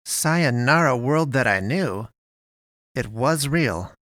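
A man's voice: mid-range voice, animated, slow pace, fairly bright tone, no room sound, studio quality, pitched above the performer's own voice. A man doing a jittery, bewildered young man. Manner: rising, incredulous questions. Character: bewildered, anxious young man lost after death.

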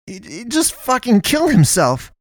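A man voicing a young man in shock, panicking and sobbing in a high, strained voice, within a narrated story. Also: brisk, vocal fry, mellow, no echo, studio quality. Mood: panicked, sobbing.

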